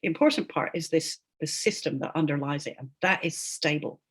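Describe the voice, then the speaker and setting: A woman's voice: low-pitched, fairly quick, husky. A woman who is a linguist, giving emphatic, explanatory answers as an interview guest and often tagging her points with "right?". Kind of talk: animated explanatory interview talk.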